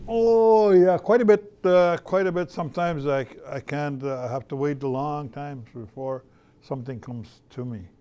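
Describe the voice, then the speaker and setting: A man's voice: fairly high pitch, normal speed, warm tone, smooth, lo-fi sound. An older man, an artist talking casually to schoolchildren in a folksy, storytelling way, often repeating his phrases. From Canada. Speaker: visiting artist.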